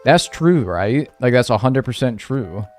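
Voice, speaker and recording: A man's voice: mid-range voice, animated, measured pace, faint music behind. A man streaming a video game, chatting casually with his viewers and ranting in mock seriousness. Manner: talks to chat, mock-serious rants. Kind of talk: casual livestream chat.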